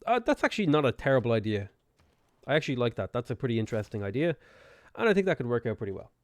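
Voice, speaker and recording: A man with a sore throat, chatting in a relaxed way as he streams a strategy game, reads chat aloud and mutters his moves. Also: mid-range voice, very fast, no echo. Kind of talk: live gameplay commentary, reading chat.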